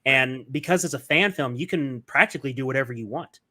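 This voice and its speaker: A podcast host interviews someone in a casual, enthusiastic, rambling way, full of fillers and restarts. His voice is mid-range, brisk, and sharp in tone.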